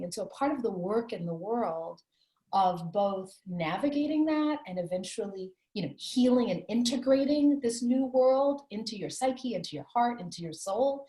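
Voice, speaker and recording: Warm and medium in pitch, this woman is an author being interviewed in a candid conversation. Her personal story comes across as earnest and reflective, recorded in an echoey room.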